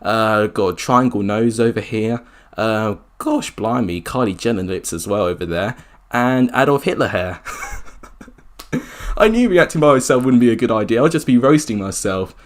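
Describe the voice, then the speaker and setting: Chatty young man. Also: normal speed. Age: around 20. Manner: chatty, self-mocking, jumps up in pitch when surprised. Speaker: YouTuber. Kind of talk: casual reaction commentary.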